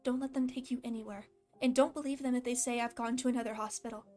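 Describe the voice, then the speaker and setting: Woman reading male skeleton hero, desperate and guarded, slight lisp, fairly high voice, faint music behind. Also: steady tone, fast, dark tone, lightly acted. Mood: pleading.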